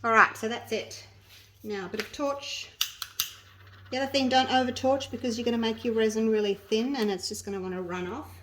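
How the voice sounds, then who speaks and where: A woman's voice: fairly high pitch, steady tone, a little fast, slight background noise. A woman hosting a casual resin craft tutorial vlog from her home workspace, chatting to viewers as she works and often restarting her sentences. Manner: chatty, talks to viewers while working, often trailing off and restarting. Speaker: resin craft channel host.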